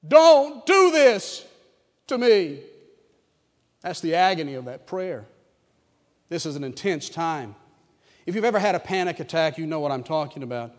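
Male pastor, dramatic sermon, hushed to wailing, slightly high voice, long hall echo. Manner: dramatic preaching, swinging from hushed to loud wailing.

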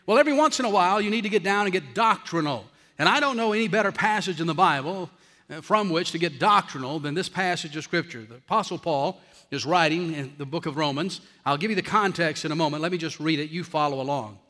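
A man preaching a sermon as pastor to his congregation, emphatic and slowing down hard on his key phrases. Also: a little high, sharp tone. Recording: long reverb of a large hall.

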